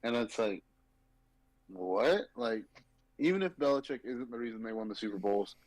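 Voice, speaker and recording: A man's voice: fairly low pitch, animated, moderate pace, a little mellow, no room sound, poor audio. A man co-hosting a sports betting podcast, ranting emphatically and profanely in casual chat. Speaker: podcast co-host.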